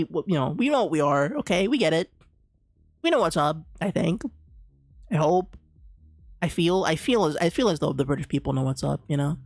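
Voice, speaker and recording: A creaky, medium-pitched voice with no echo rants casually while streaming a live game. Lots of restarts and slang come through the dry close-mic recording, with the game's music faint in the background.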